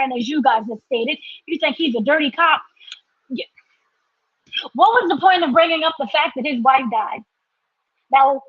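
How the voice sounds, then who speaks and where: Female podcast co-host, high voice, animated exasperated ranting, dry dull recording. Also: no room sound. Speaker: podcast co-host reviewing a TV episode. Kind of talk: casual ranting review.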